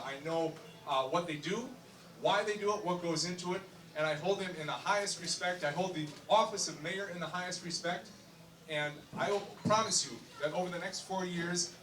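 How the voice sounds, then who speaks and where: Bright-voiced middle-aged man giving speech. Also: sits high, normal speed, slight background noise. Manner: earnest, formal, emphatic repetition. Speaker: mayor-elect giving acceptance speech. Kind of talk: public acceptance speech. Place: election night event room. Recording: echoey room, distant mic.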